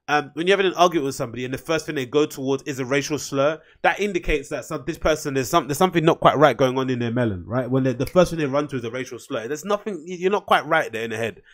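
A man's voice: fairly high pitch, fairly bright tone. A man hosting his own podcast, ranting in a blunt, profane, rambling way, often getting heated. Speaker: podcast host. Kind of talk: casual solo rant.

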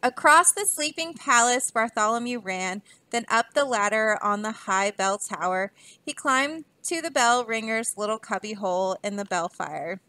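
Bright-voiced woman reading a storybook. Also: on the high side, a little slow, dry recording. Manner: expressive, animated reading. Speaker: teacher reading aloud. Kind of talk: storybook read-aloud.

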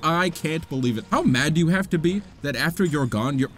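A young man doing casual Let's Play commentary, goofy and self-mocking, swinging between loud yelps and low mutters. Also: lively intonation, a little fast, a little hiss or hum. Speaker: gaming YouTuber.

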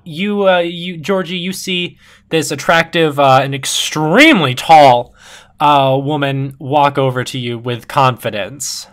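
An easygoing game master narrates scenes and prompts the players. The delivery is halting and full of small pauses as the next beat gets worked out. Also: medium pitch, fairly bright tone.

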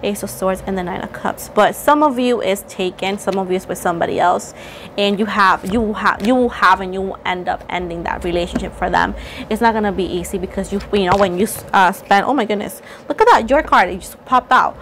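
Woman tarot reader, casual and teasing, mid-pitched, faint noise behind. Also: fairly quick. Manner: chatty, playful, teasing and excitable. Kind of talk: casual tarot reading to camera.

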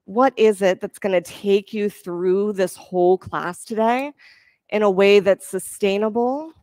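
Yoga teacher lady, calm steady cues, mid pitch, dry close sound. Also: measured pace, dry recording. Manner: calm, encouraging cueing of breath and poses. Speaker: yoga instructor. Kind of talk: guided yoga class instruction.

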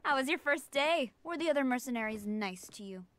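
A woman's voice: high-pitched, expressive, a little fast, fairly bright tone. A woman voicing a brash young woman in a video game, blunt and teasing. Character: brash young woman, car-loving friend.

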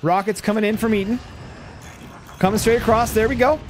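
A man's voice: high-pitched, brisk, a little hiss or hum. A man giving casual, jokey play-by-play commentary on a strategy game match, his voice starting to tire. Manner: jokey, excitable, voice going tired.

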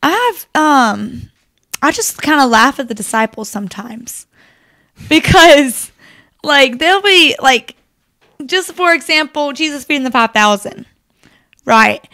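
A young woman co-hosting a faith podcast, talking in an animated, chatty way with lots of fillers. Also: high voice, takes it slowly, pauses often. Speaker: podcast co-host. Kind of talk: casual faith discussion.

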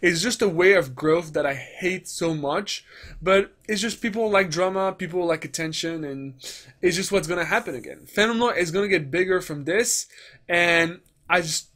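Brief: male gaming commentator, rants and swears, voice sits fairly high. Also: fairly quick, a bit bright. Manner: ranting, profane, mocks others in put-on voices. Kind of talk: commentary vlog.

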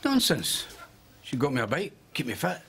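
A man's voice: mid-range voice, huge pitch swings, moderate pace, vocal fry, a bit bright, slightly rough, exaggerated voice. A cheeky old man. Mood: indignant.

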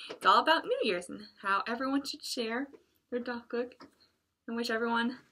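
A woman librarian reading a picture book aloud at children's story time, expressive and adding chatty asides for the kids. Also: on the high side, normal speed, slight background noise.

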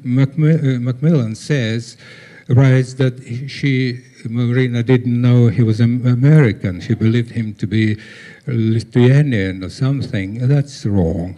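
An older man gives a conference talk over slides, halting, with many pauses and fillers. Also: medium pitch, mellow. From former Soviet Union. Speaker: guest speaker.

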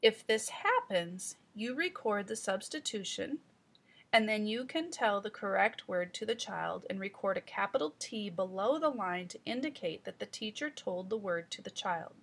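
A woman reading teacher giving calm, step-by-step instructional narration. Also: medium pitch, normal speed, creaky. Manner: calm, explanatory, guiding the listener step by step.

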